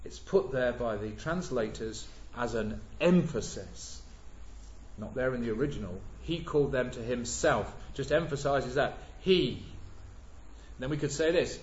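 Slow, emphatic preacher in echoey church. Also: male voice, medium pitch, expressive, slight background noise. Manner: measured, emphatic, stresses repeated words. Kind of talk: sermon. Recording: echoey church, dull lo-fi sound.

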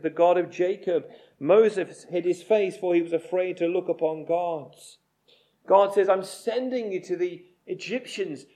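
A male preacher delivers a sermon in a fairly high voice. He speaks slowly and deliberately and presses hard on repeated phrases. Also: a little mellow.

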